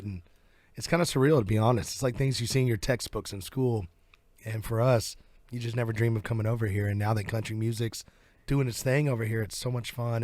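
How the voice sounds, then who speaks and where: A man with a Southern US accent, talking as a country singer guest in a relaxed, rambling interview chat in a radio studio. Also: mid-range voice, no room sound. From southern United States. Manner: relaxed, rambling, laughs easily.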